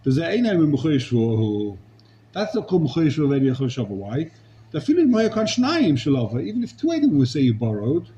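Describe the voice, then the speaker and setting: A man's voice: fairly high pitch, dull audio, background noise. A man teaching a Talmud class, arguing a legal case with rhetorical questions and Hebrew and Aramaic terms.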